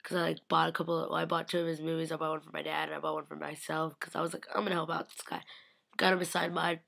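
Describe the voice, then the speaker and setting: A woman's voice: low voice, little pitch movement, racing, gravelly, fairly bright tone. A young woman gushing and rambling about meeting celebrities, filling her talk with "like" and acting out what people said. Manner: acts out quotes in shifting voices. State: slightly sick. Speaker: vlogger. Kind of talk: casual recap of a fan convention.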